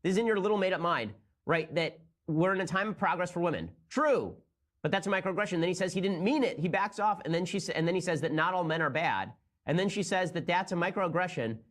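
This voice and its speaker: A fast-talking young man hosts a commentary show and piles on sarcasm as he reacts. His voice sits a bit high for a man, and the words come out in quick bursts. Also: a bit bright. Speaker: political commentator host. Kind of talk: rapid-fire sarcastic commentary.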